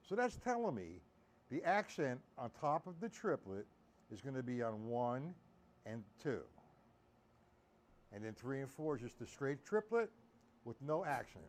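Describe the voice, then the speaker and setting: During a live-streamed drum lesson, a man with a medium-pitched, sing-song voice speaks at a measured pace. He explains accents and calls out the counts loudly as drums play under him.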